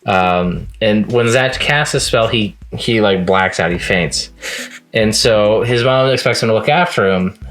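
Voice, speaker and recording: A man's voice: lowish voice, a little slow, fairly bright tone. A man talking casually in a manga review vlog, chatty and amused, often laughing at the scenes he recaps.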